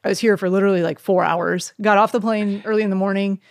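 A man with a fairly high voice chats as a podcast guest, rattling through a story and playing out each quoted voice. The sound is dry, with no room echo. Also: steady tone, fast talker, creaky, clean tone. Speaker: podcast guest, marathon runner. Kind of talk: casual chat.

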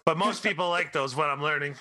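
A man's voice: on the high side, fast talker, crowd noise. A man hosting a casual podcast, asking questions and giving short replies. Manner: asks questions, brief backchannel replies. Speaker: podcast host. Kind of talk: casual chat.

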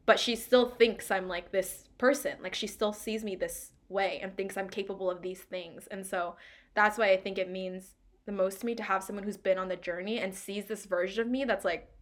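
A woman's voice: mid-range voice, fairly even intonation, moderate pace. A young woman co-hosting a podcast, talking in a heartfelt, rambling way with lots of "like". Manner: heartfelt, rambling, heavy use of "like". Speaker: podcast co-host. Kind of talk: casual chat.

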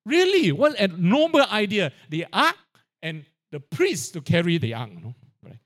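Lively preaching man, forever asking "right?". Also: sits high, normal speed. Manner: animated preaching, constant "you know, right?" tags; drops to a quiet aside on filler tags. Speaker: pastor. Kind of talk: sermon.

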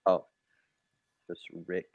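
A man's voice: slow, lo-fi sound. A man running a casual draft with friends over a voice call, blunt and trash-talking. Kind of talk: casual group chat.

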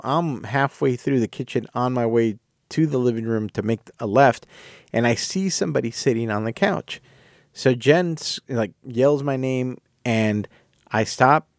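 Speaking at a medium pitch, a podcast host animatedly retells a story, wandering off track and correcting himself as he goes. The studio-quality recording has no echo.

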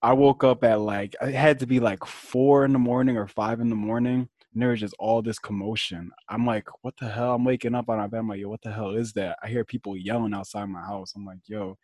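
A young man, talking in slangy, animated podcast chat. He laughs often as he tells his story. The sound is close and dry, with no room around it. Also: lowish voice, a little fast, hardly any pauses, no room sound. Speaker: podcast co-host.

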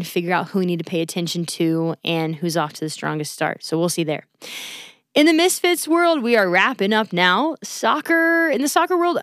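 A woman hosting a solo sports news podcast in a studio, chatting casually and upbeat with lively rises and falls. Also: on the low side, no echo. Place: recording studio.

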